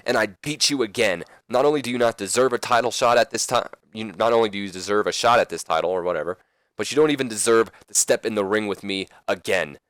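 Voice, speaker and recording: A man's voice: on the low side, no echo. A man voicing a proud, defiant male wrestling champion who taunts a rival. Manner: forceful, taunting.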